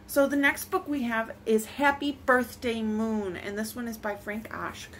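Storytime reader, woman, high, slow and lilting, expressive. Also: slight background noise. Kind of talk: reading picture books aloud.

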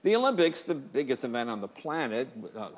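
A man's voice: mid-range voice, very animated. A man hosting a talk show, interviewing his guest in a jokey style and affirming her often. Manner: jokey, lots of quick affirmations. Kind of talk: casual chat interview. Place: TV studio with audience. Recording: studio reverb, loud audience and noise.

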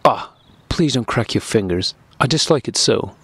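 A man's voice: mid-range voice, lively intonation, normal speed, fairly bright tone, breathy edge, no echo, pitched above the performer's own voice. Man voicing a lightly mocking young wife. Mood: airy.

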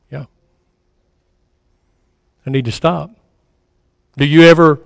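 A man's voice: on the high side, steady tone, slow pace, vocal fry, pauses often, smooth, no echo, studio quality, big-room sound. A man preaching a sermon in a conversational way, repeating phrases for emphasis and sometimes dropping to a near-murmur. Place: church sanctuary.

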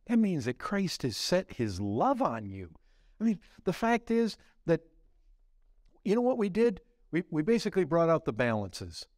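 Animated man preaching a sermon. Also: normal speed, dry recording, clean studio sound. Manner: animated preaching, swings between loud exclamations and hushed low lines. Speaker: pastor.

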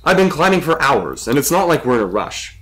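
A man's voice: medium pitch, big pitch swings, fairly quick, a bit bright, voice pushed up. A man playing a young explorer lost in a cave, sarcastic and questioning.

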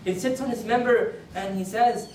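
A man's voice: high voice, moderate pace, a little mellow, a little hiss or hum. A man giving a Friday sermon as a story, in an earnest tone, repeating phrases and lifting his voice for quoted words. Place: mosque prayer hall. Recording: echoey hall, voice from a distance.

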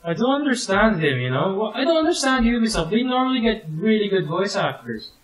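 Upbeat male gamer bantering over co-op play, lively, bouncy delivery. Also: high-pitched, brisk, reverberant, crowd noise, rough recording. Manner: lively, laughing, jokey banter. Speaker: co-host playing a game. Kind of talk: casual gaming chat.

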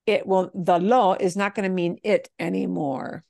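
A woman teaching a language class, explaining phrases patiently and modeling them slowly. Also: medium pitch, mellow, dry recording, clean studio sound. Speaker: Spanish teacher.

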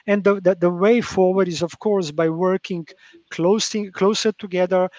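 High-voiced hesitant man panelist. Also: fairly even intonation, moderate pace, a little mellow, no echo. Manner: hesitant, many fillers and repeats. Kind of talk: panel discussion.

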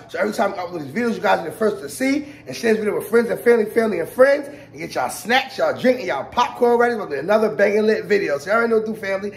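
Gravelly high-voiced hyped man. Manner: hyped slangy intro, then mumbling fake sulk. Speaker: prank vlogger. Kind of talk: prank vlog.

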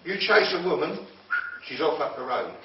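A man's voice: on the high side, sing-song, normal speed. A man giving a live motivational talk to an audience, chatty and emphatic, often checking in with the room. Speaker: motivational speaker. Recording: echoey room, distant dull mic, faint noise.

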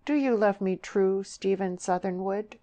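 A woman's voice: medium pitch, a little slow, mellow, highs cut off, pitched above the performer's own voice, lightly acted. A woman voicing an earnest young countrywoman who speaks in rustic dialect, pleading and proud.

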